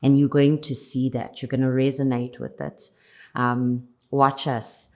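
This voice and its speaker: A South African woman speaks in a very deep register for a woman, taking her time over each phrase. She sounds earnest and reflective, stacking repeated phrases one after another as an actress being interviewed. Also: little pitch movement, measured pace. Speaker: lead actress, interview guest. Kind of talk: interview answers.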